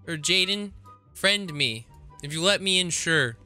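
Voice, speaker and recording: A man's voice: a little high, animated, a little slow, bright, forceful tone, faint music behind. A man doing goofy, joking gameplay commentary as a gaming YouTuber.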